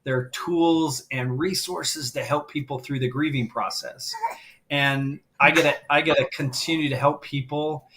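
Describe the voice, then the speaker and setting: Middle-aged man, guest on a live stream, heartfelt emotional storytelling, warm open delivery. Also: on the high side, steady tone, unhurried, background noise. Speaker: guest, grief coach.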